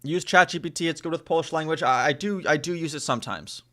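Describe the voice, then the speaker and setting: A man whose first language is Spanish, chatting casually on a live stream and slowly repeating foreign phrases to practice them. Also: a little high, a bit bright.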